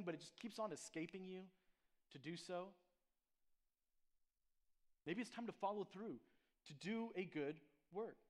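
A man with a high-pitched voice delivers a sermon as a pastor. He talks conversationally, checks in with the congregation, and restarts his phrases often. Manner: conversational preaching with frequent "right?" and restarts.

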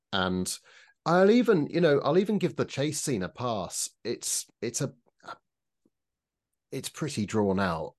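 A man with a somewhat low voice talking in a relaxed panel podcast. He weighs his points carefully and criticises in a measured way, often restarting his sentences. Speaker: podcast co-host. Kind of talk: casual panel discussion.

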